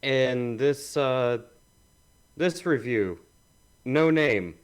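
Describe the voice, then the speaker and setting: A man's voice: mid-range voice, lively intonation, drawn-out words, clear, resonant tone. A man on a group stream reading movie reviews aloud in casual banter, with hesitant fillers. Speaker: stream co-host.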